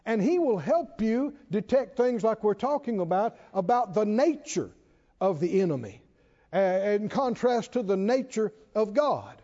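A man delivers a sermon with a high, swinging voice and a warm, mellow tone. His delivery is emphatic, with slow, stretched stresses and the occasional chuckle. The sound is dull and lo-fi, with a long reverb tail from a large hall. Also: animated. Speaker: preacher.

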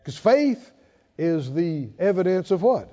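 A man's voice: high-pitched, very animated, a little slow, mellow. A man preaching a sermon at a conference, talking in a conversational way, often laughing and asking the congregation questions. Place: church or conference hall. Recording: dull sound with hall reverb.

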